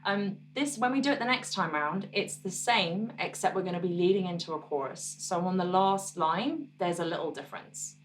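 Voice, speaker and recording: A woman musician teaching her own song on guitar, explaining parts in a relaxed, encouraging way and counting beats aloud. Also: fairly low pitch, normal speed, few pauses, far from the mic, a little hiss or hum.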